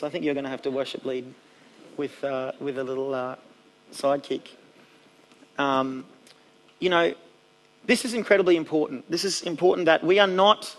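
A man's voice: on the high side, a bit bright, rough recording. A man preaching a sermon from a church stage as youth pastor, earnest and emphatic, with fillers between his points.

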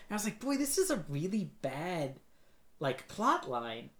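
A man's voice: fairly high pitch, big pitch swings, moderate pace. A man co-hosting a casual movie review podcast, rambling with lots of fillers and mocking put-on quotes. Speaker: podcast co-host.

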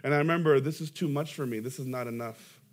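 A man's voice: mid-range voice, fast. A young adult man, a pastor preaching a sermon, telling stories with self-deprecating humor and emphatic rises.

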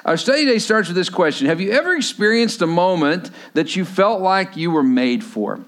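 High-voiced pastor preaching conversationally. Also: male voice, animated, brisk, a bit bright. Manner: conversational, asks the congregation questions. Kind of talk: sermon.

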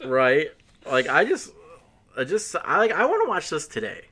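A man's voice: a little high, huge pitch swings, normal speed, sharp tone. A man hosting a casual podcast chat, eager and rambling as he talks. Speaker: podcast host.

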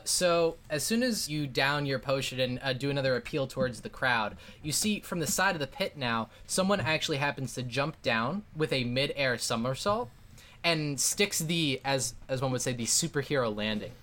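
A man's voice: mid-range voice, animated, normal speed, pushed and bright. A man narrating a tabletop game as game master in a casual, rambling way with many fillers.

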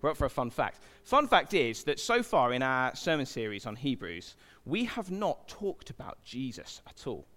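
A man's voice: medium pitch, big pitch swings, normal speed, hardly any pauses, fairly bright tone, in a large hall. A man preaching a sermon in a chatty, joking way, often checking in with the congregation. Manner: chatty, joking, asks the congregation frequent "okay?".

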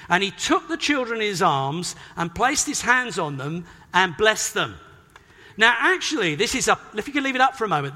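Animated British preacher in a reverberant church. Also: male voice, sits high. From Britain. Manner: animated, emphatic, acts out quoted voices. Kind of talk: sermon. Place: church hall. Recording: long hall reverb.

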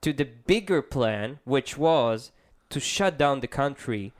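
A man's voice: medium pitch, expressive. Man co-hosting a joking chat podcast. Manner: joking, halting with many restarts. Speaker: podcast co-host. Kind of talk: casual podcast banter.

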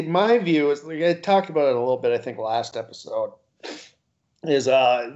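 Laughing, profane podcast co-host man. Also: medium pitch. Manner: laughs often while theorizing, loose and profane. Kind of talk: casual chat. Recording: dull lo-fi recording.

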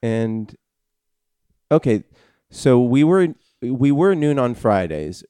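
A man hosting a casual studio chat show, joking in a dry, low-key way. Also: sing-song, takes it slowly, dark tone, clean tone, no room sound. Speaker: show host.

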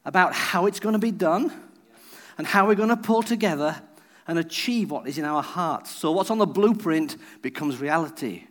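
A man's voice: on the high side, expressive, normal speed, fairly bright tone. A man preaching a sermon as a visiting preacher, telling a personal story and acting out the people he quotes.

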